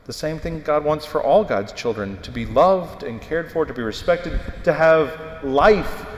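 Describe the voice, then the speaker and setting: A male preacher giving a sermon, animated and emphatic as he tells the story. His voice sits fairly high for a man, and the church rings with a long reverb. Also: unhurried, slight background noise. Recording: echoey hall with long reverb.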